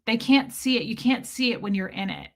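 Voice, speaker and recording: On her livestream, a woman speaks a little fast in a voice on the high side. She chats easily and candidly with viewers, reading their comments and swearing freely.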